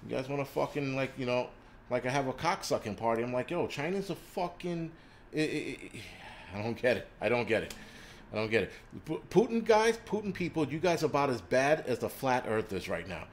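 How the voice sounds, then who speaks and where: A man's voice: mid-range voice, animated, brisk, slight background noise. A man hosting a prepping channel, ranting on a livestream and swearing constantly in a crude, combative way. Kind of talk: profane livestream rant. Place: indoors in a city.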